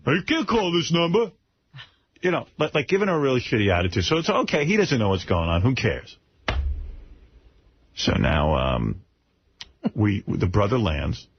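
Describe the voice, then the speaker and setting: Man, radio host, animated storyteller, lively pitch, lo-fi broadcast audio. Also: normal speed, pauses often, husky. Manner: animated, swearing, mimics people in stories. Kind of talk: casual radio banter and storytelling. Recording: dull radio broadcast with faint noise.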